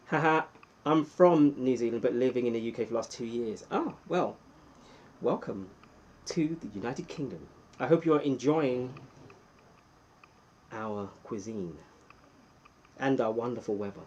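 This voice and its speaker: A man hosts a casual live stream from home, reading out viewers' names and cheering them on. His voice is warm and mellow with a slightly husky edge, and he jumps into excited bursts between relaxed chatter. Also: mid-range voice, measured pace, long pauses, highs cut off. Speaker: livestream host.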